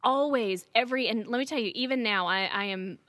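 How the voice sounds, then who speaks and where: A woman's voice: a little high, a little fast, fairly bright tone, no echo, clean studio sound. A woman from Alabama, a guest in an interview, talking earnestly and with animation, often saying "let me tell you". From Alabama, US South. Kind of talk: interview conversation.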